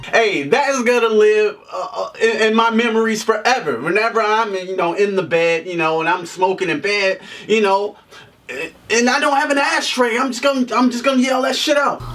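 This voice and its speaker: A man's voice: high-pitched, moderate pace, a bit bright, recorded from a distance, soft background music. A man giving a casual, comedic movie review, joking and swearing as he rants. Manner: profane, joking rant with frequent laughs.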